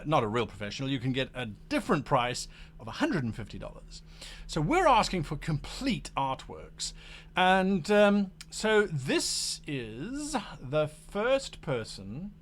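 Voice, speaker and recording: A man's voice: on the high side, a little hiss or hum. A man hosting a livestream about running tabletop games, talking casually while showing a map and acting out quoted voices. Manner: animated, acts out quoted voices. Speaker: game master and show host.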